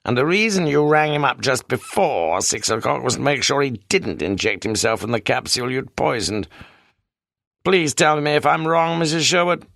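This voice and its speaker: A man voicing a calm, probing British police detective with a British accent, speaking slowly and deliberately. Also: medium pitch, gravelly, no room sound, clean studio sound. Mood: measured. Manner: slow, measured accusation.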